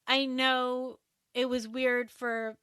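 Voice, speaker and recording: Bright, animated woman telling a story. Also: sits high, slow, smooth, dry recording, studio quality. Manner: animated, laughs often while telling stories. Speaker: podcast guest. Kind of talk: casual storytelling interview.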